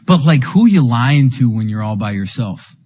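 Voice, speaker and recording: A man's voice: mid-range voice, big pitch swings, moderate pace, darkish tone, breathy edge. A man giving a raw, emotional recovery testimony, telling his story with lots of "like" and "you know.". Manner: emotional, with bursts of rueful laughter. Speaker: speaker sharing a recovery testimony. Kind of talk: personal testimony talk. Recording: long hall reverb.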